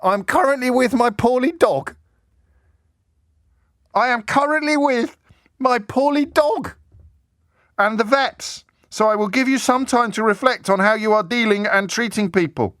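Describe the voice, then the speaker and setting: A man voicing a self-important male politician who rants indignantly by text, in a high, shrill, aggrieved tone. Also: measured pace, long pauses, fairly bright tone, no echo, studio quality. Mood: huffy.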